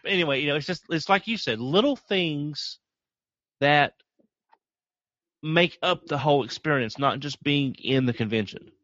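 A man's voice: on the high side, moderate pace, a bit bright, no room sound, highs cut off. A man, telling a casual travel anecdote on a podcast with a lot of hesitation. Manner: hesitant, full of fillers. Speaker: podcast panelist.

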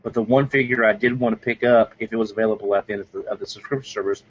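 A man's voice: lowish voice, steady tone, racing, husky. Rambling podcast guy, muffled audio. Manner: enthusiastic, rambling with restarts. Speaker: podcast co-host. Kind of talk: casual chat.

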